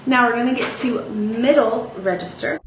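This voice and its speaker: A woman's voice: on the high side, normal speed, over loud music. A woman teaching a singing lesson, speaking casually with sung demonstrations and frequent "okay?" check-ins. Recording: echoey room with faint ambient noise.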